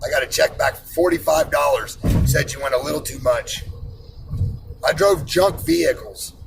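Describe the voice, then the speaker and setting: A man's voice: a little high, normal speed, creaky, over music, rough recording. A man in his forties who works in iron, ranting bluntly and profanely about money and personal responsibility. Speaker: iron worker ranting on camera.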